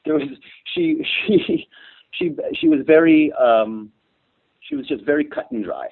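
A man's voice: fairly high pitch, wildly swooping pitch, measured pace, gravelly. A middle-aged man talking in an emotional interview, hesitant and full of restarts, sometimes choked up. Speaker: interview guest. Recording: tinny phone line.

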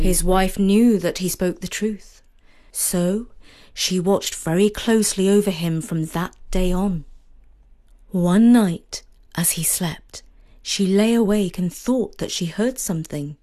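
A woman narrating a fairy story in a measured, expressive reading. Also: lowish voice. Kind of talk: scripted narration.

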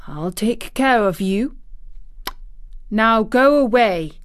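A woman voicing an imperious, spoiled, sickly young boy who gives orders grandly, at a slow pace. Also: a little high, animated, dry recording, studio quality. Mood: commanding. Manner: commanding, grand.

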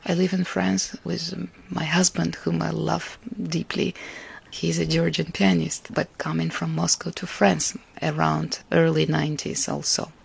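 A woman from Russia, a Russian native speaker, giving an interview about her life and art in an earnest, reflective way, with soft laughs between thoughts. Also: sits low, flat delivery, unhurried, gravelly, slightly rough. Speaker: artist and interviewee. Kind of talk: interview answers.

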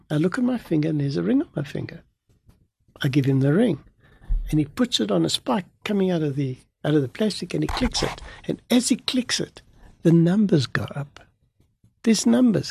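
A man recounting his own experience, slipping into the lines of the people in it as he goes. His voice sits a little high and is gravelly, with a husky, breathy edge. The sound is close and dry. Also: expressive, brisk, dark tone, dry recording. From farming background. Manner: vivid retelling that acts out dialogue. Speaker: guest telling a personal testimony. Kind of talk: first-person storytelling.

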